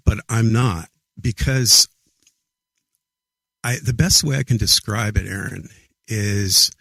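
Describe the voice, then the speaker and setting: A middle-aged man, a podcast guest, earnestly recounting a personal story in a halting way, often repeating his words. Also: on the low side, fairly bright tone, no echo. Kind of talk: casual storytelling interview.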